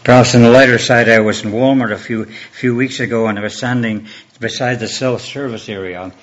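A man's voice: mid-range voice, fairly even intonation. Male pastor preaching, dull recording. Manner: measured preaching with repeated rhetorical questions. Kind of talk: sermon.

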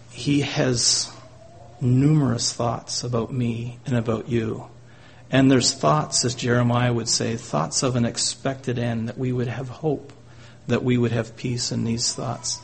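A man's voice: medium pitch, gravelly, a little hiss or hum. A man preaching a sermon, often closing his points with rhetorical tag questions to the congregation.

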